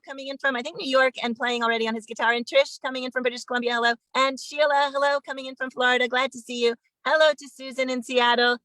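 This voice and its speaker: A woman hosting an online sing-along, warmly greeting viewers one by one over a phone video call. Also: high voice, no echo, poor audio. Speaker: host.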